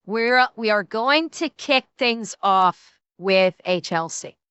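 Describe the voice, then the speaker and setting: A woman streamer giving casual, excitable reaction commentary, swearing and restarting her sentences. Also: mid-range voice, slow, smooth, dry recording, soft background music.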